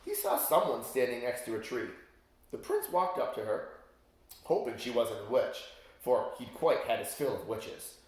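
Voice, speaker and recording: A man's voice: medium pitch, big pitch swings, normal speed. Man reading a storybook, very echoey. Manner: chatty asides to young listeners. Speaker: teacher reading aloud. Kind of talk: children's read-aloud. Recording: very echoey room.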